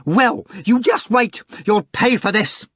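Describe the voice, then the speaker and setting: A man voicing an explosive, hot-tempered male theatre manager who yells and roars in a rage. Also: on the low side, huge pitch swings, brisk, slightly rough, no room sound, studio quality, full character voice. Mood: enraged yelling. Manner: yelling, roaring in a rage.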